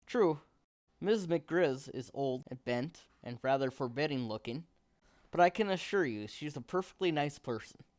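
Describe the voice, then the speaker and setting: A man voicing a kind, sensible mother bear in a storybook, calm and reassuring. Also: on the high side, a little slow.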